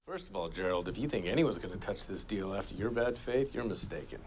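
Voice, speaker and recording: An actor playing a cocky, unflappable corporate lawyer in a TV drama, confident and cutting. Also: male voice, deep voice, animated, fast talker, a little hiss or hum. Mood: cool commanding. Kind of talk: TV drama dialogue.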